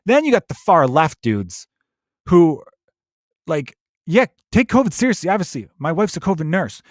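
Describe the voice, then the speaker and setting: Profane ranting comedian, dry close mic. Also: male voice, fairly high pitch, moderate pace, no echo. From Chicago, USA. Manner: profane, animated ranting with mocking put-on voices. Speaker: comedian podcast host. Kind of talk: solo comedic rant.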